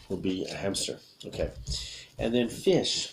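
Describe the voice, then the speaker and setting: A man teaching English vocabulary with gestures in a video lesson, upbeat and repetitive, saying each word slowly several times. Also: low voice, a little hiss or hum.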